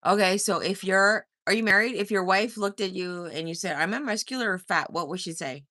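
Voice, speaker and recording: In a casual livestream, a female host reads comments from viewers, chatting and teasing, with frequent laughter and snatches of song. Her voice sits at medium pitch with a sharp tone and runs a little fast. It's a dry, studio-quality recording.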